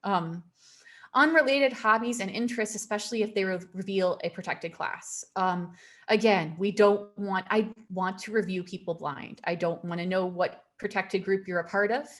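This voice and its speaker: A woman presenting a career webinar over a video call, emphatic and given to repeating her warnings with a quick laugh. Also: mid-range voice, fairly bright tone.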